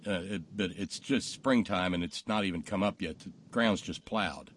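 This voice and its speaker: A man hosting a talk show, telling jokes casually and acting out the punchlines loudly. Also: low voice, moderate pace, slight background noise. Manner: animated storyteller, acts out punchlines loudly.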